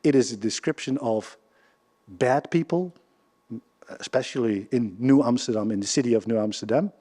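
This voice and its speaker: A man with a Dutch accent giving a public history lecture, speaking haltingly with many restarts and questions to the audience. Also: medium pitch, mellow. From Netherlands. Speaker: guest lecturer. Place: lecture hall before a live audience. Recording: reverberant lecture hall.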